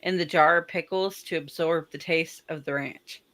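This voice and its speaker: Brief: woman from the US South, lowish voice with a bright edge, chatty podcast guest. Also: fairly even intonation, normal speed. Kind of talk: casual chat.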